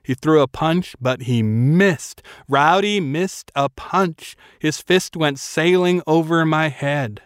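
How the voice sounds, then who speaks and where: A man narrating a novel in a measured, quiet storytelling manner. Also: fairly high pitch, smooth, no echo, clean studio sound. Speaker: audiobook narrator. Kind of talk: scripted narration.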